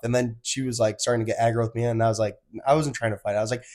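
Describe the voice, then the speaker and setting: Young male podcast co-host, hoarse from illness, animated, swears freely, casual storyteller. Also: mid-range voice, very fast, few pauses. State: hoarse from being sick. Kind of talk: casual chat.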